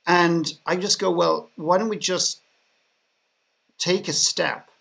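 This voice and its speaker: A man's voice: sits high, fairly even intonation, slow, creaky, fairly bright tone. An Irish man, a podcast guest, telling a story in a sarcastic way, often restarting his sentences. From Ireland. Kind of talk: storytelling in a panel conversation.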